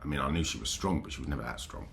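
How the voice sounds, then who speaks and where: A deep-voiced man recounts a personal story on his channel. He talks haltingly and emotionally, often stopping and starting over mid-sentence. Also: vocal fry, a bit bright, a little hiss or hum. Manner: halting, emotional, with frequent restarts. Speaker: channel host.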